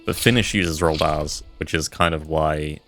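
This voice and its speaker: A man's voice: rumbling low, fairly even intonation, moderate pace, fairly bright tone, soft background music. A man streaming a game live, chatting casually and thinking aloud as he plays. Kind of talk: casual live gameplay commentary.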